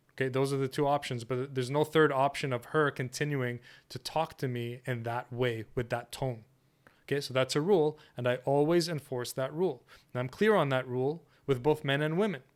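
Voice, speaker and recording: Firm, smooth-voiced man teaching a workshop. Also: medium pitch. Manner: firm, assertive, repeats "okay?" and "right?". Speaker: dating coach. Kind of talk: workshop lesson.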